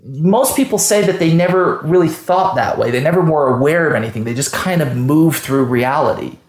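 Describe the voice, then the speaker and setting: A man's voice: on the high side, expressive, fairly quick. A man in casual conversation, talking bluntly and with a lot of swearing, stopping and restarting his sentences as he works through his points. He sounds like a manager describing how he handles his staff. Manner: blunt and profane, many restarts. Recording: roomy echo.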